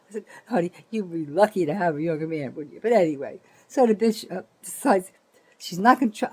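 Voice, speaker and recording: A woman's voice: mid-range voice, a little mellow, breathy edge, rough recording. An older woman, rambling through a profane, indignant complaint vlog full of restarts. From New Jersey, USA. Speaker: vlogger.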